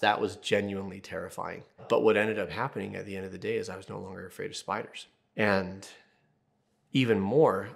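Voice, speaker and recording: A therapist in his thirties hosts an advice video, speaking casually and candidly with jokey asides and personal stories. His voice is fairly low, gravelly and a bit bright.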